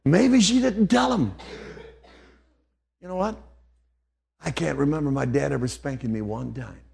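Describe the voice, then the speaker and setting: A man's voice: on the high side, a little slow, gravelly, a little mellow, breathy edge. An older man preaching an old-fashioned sermon, dropping to near whispers and then rising to fervent outbursts.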